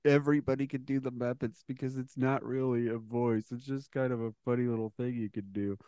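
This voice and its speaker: Smooth-voiced woman chatting casually. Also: rumbling low, steady tone, fairly quick, warm tone. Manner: laughs often, attempts silly impressions. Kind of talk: casual comedic chat.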